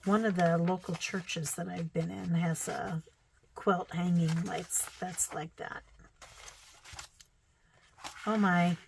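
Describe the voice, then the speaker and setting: A woman's voice: lowish voice, fairly even intonation, takes it slowly, creaky, long pauses, a little hiss or hum, rough recording. A middle-aged woman with a Midwestern American accent, chatting casually as she shows old quilting magazines, thinking aloud with fillers and little exclamations. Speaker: vlogger.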